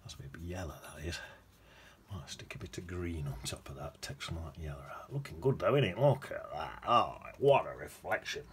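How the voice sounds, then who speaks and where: A man's voice: low-pitched, animated, a little fast, darkish tone, a little hiss or hum. A man teaching watercolour painting in a chatty, rambling way, humming to himself as he paints. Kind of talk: casual painting demonstration.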